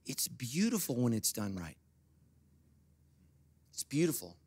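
A middle-aged man preaching a sermon as pastor, swinging from quiet, confiding asides to loud, high-pitched bursts. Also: very animated, measured pace, slightly rough, no room sound.

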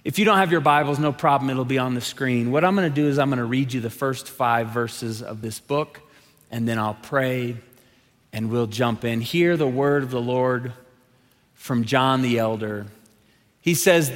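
A man preaching a sermon to his congregation, telling stories with lively quoted voices before reading scripture. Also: mid-range voice, normal speed. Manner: lively, animated storytelling with quoted characters. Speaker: pastor. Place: large church sanctuary. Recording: long hall reverb.

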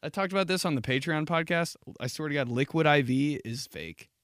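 A man's voice: on the high side, brisk, fairly bright tone, no echo, clean studio sound. A man hosting a podcast and telling crude, rambling comic stories in a casual monologue. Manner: crude, rambling, jokey storytelling. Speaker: podcast host.

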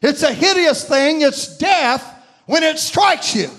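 A man preaching a sermon, retelling a vision with impassioned, shouted peaks and slow, drawn-out phrases. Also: lively intonation. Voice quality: high, ringing voice that rises into shouts.

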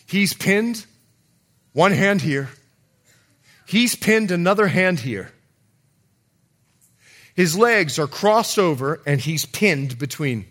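A man preaching a sermon as pastor, swinging from loud calls to hushed low lines. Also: expressive, takes it slowly, pauses often. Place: church.

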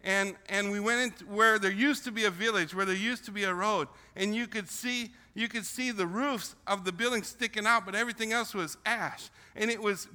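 An older man, raised in the Philippines, shares his missionary story with students in an earnest, repetitive way, often circling back over his words. His voice sits high and sounds very bright and forceful. The sound carries a long reverb from a large hall. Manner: emotional, repetitive storytelling with restarts. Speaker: missionary speaker. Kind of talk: testimony talk to students.

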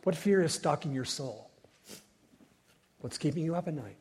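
A man preaching a sermon as pastor, rising to loud cries and falling to hushed whispers. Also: on the high side, animated, moderate pace, husky. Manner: dynamic preaching, swells loud then drops to whispers. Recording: long hall reverb.

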